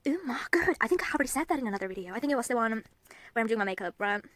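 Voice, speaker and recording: Lol young woman just rambling into her phone super fast, swears a ton, bit high pitched. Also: fairly bright tone, no echo. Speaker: vlogger. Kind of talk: unscripted rambling vlog.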